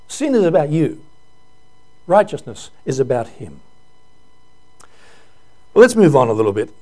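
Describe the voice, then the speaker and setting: A man's voice: a little high, sing-song, unhurried, a little mellow. A male pastor giving an earnest, emotional sermon full of rhetorical questions.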